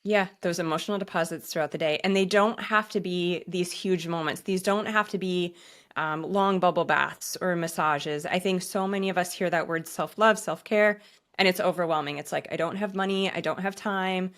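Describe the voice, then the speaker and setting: A woman's voice: fairly low pitch, moderate pace, fairly bright tone. A woman hosting a podcast, talking in an earnest, encouraging way and sometimes acting out inner thoughts. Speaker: podcast host. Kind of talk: casual podcast conversation.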